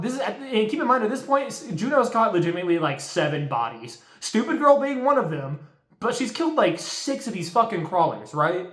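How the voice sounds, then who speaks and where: A man's voice: high voice, sing-song, a little fast, fairly bright tone. A young man recapping a horror movie in a casual, profane, exasperated rant full of slang. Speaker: movie reviewer. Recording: roomy echo.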